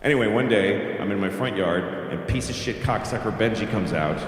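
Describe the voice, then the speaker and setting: Blunt, profane comedian in an echoey hall. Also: male voice, on the low side, fairly quick. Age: late 40s. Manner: blunt, profane, conversational storytelling. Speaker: stand-up comedian. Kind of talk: stand-up comedy. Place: live comedy theater. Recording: echoey hall with faint ambience.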